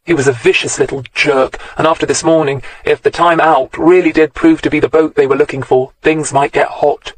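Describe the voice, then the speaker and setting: A man narrating a crime novel audiobook in a steady, measured storytelling voice, recorded close to the mic. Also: on the high side, low-quality recording.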